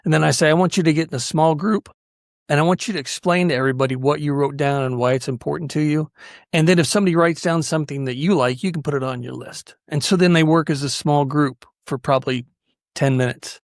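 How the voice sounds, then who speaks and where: A man's voice: a little high, fast talker, no room sound, clean studio sound. A man hosting a podcast, telling stories earnestly and with animation, often restarting his sentences. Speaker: podcast host. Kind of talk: conversational storytelling.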